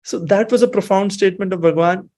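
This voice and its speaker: A man in his thirties from Himachal with an Indian English accent, sharing a personal devotional story in a reflective, emotional and halting way. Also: high-pitched, darkish tone. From Himachal Pradesh, India. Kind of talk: personal testimony, mixing English and Hindi.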